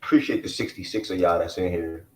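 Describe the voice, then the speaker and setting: Deep-voiced man hosting a casual stream. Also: fairly even intonation, fast talker, a little mellow, roomy sound. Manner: laid-back, drawling slang. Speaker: host. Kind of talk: casual live stream chat.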